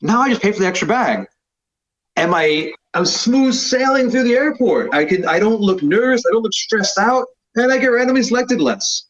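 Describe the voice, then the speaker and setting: Speaking at normal speed, he has a high-sitting, expressive, fairly bright voice. The man, a thirties-aged jiu-jitsu instructor, rambles self-deprecatingly with lots of fillers as a guest in a casual podcast conversation, recorded with slightly dull audio.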